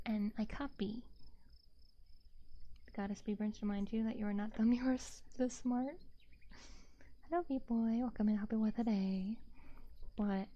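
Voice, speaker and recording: A woman streamer talks softly in an ASMR chat, slow and unhurried, often dropping into a whisper and giggling as she reads her chat. Her voice is mellow, and the binaural recording sounds a little dull and lo-fi. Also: mid-range voice, steady tone. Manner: drifts into whispers. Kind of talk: soft-spoken ASMR chat. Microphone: binaural mic.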